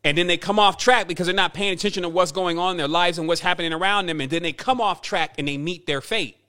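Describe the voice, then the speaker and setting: A man's voice: high-pitched, quick pace, bright, forceful tone. A man giving a rambling spiritual monologue as a teacher, talking emphatically and repeating himself for effect.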